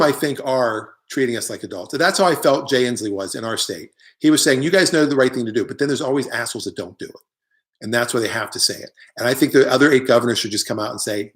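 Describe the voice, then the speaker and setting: A middle-aged comedian with a medium-pitched, slightly bright voice hosts a live online show, reading viewer comments in a casual comic monologue. He rambles, offers strong opinions, and tosses in jokey asides.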